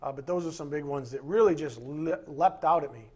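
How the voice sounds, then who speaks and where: A man's voice: on the high side, a little fast, darkish tone, husky. A man pastor preaching a sermon with emphatic, impassioned delivery, acting out quoted voices along the way.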